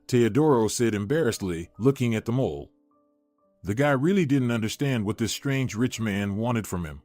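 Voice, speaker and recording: A man reading a scripted story in an even, steady storytelling manner. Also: medium pitch, moderate pace, dry recording. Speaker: narrator. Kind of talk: scripted narration. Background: faint music.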